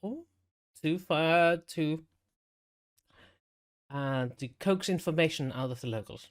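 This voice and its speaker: A man's voice: on the high side, slow pace. A man running a tabletop game as game master, narrating in a hesitant way with many fillers and frequent laughs.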